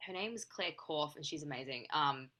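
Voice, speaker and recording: A woman's voice: low voice, animated, normal speed, bright, forceful tone. A young woman from Australia, an actress and singer, chatting casually as a podcast guest and filling her talk with "like" and restarts. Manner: chatty, filler-heavy with frequent "like". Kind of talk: casual interview chat.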